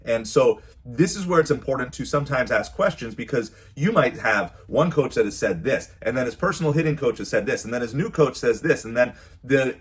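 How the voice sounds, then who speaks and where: A man's voice: mid-range voice, expressive, brisk, few pauses, slightly rough. A man who is a youth baseball coach and parent, giving casual, earnest advice to camera and often repeating his phrases.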